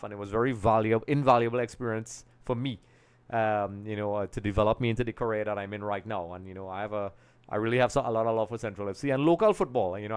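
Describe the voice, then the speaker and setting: A man's voice: fairly low pitch, smooth. A young man from Trinidad and Tobago hosting a live football talk stream, talking casually and rambling a little as he pulls things up on screen. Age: young adult. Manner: casual, rambling, thinks aloud while working.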